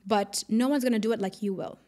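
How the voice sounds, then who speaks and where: A woman in her late twenties or thirties, a podcast guest chatting casually, upbeat and quick to laugh, acting out what people said. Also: medium pitch, darkish tone. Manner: upbeat, laughs often, acts out quotes. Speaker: podcast guest, air traffic controller. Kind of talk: casual interview chat.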